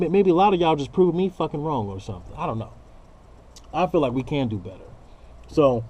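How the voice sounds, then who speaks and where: Male vlogger, raw unscripted rant, cursing a lot, lively swooping pitch, higher-set voice. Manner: profane, blunt, preachy, slangy.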